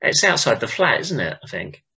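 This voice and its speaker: A man co-hosting a casual chat, talking in an easy way with lots of tag questions and quick laughs. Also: mid-range voice, big pitch swings, gravelly, bright, forceful tone, breathy edge, poor audio. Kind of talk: casual chat about a sitcom.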